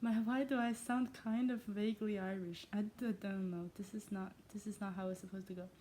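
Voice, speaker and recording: A young woman reading aloud in a casual way, often stopping to comment and laugh at herself. Her voice is mellow and warm. English is not her first language. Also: mid-range voice, fairly even intonation, a little fast, a little hiss or hum. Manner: self-interrupting, self-mocking asides. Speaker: reader.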